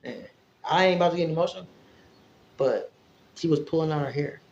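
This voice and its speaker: A vlogger from Fort Wayne, Indiana, talks straight to her viewers in a rambling, emotional, livestream-style chat. She has a deep, slightly mellow voice and speaks a little fast, and the audio is dull and echoey with slight background noise.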